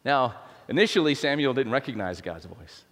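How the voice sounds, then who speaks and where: A man's voice: mid-range voice, lively intonation, moderate pace, a bit bright. A man preaching a sermon in a church, in a conversational style with many restarts and playful asides. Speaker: pastor. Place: church sanctuary. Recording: long reverb in a large hall.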